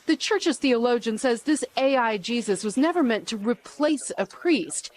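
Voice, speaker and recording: Fairly high-voiced woman reporting news. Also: expressive, moderate pace, a little hiss or hum.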